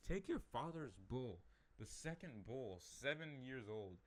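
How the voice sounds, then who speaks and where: A man's voice: mid-range voice, animated, slow pace. A man casually reading the Bible aloud, stumbling over names and laughing at his own slips. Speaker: Bible reader.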